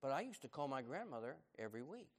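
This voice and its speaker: A middle-aged man preaching a sermon, swinging from loud, animated emphasis to hushed, low tones. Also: fast talker, in a large hall. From United States. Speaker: pastor.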